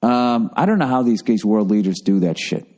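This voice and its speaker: A man's voice: fairly low pitch, animated, moderate pace, a little mellow. A man in his forties, hosting his own podcast and ranting with heavy profanity and sarcasm in a casual solo monologue. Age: 40s. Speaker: podcast host.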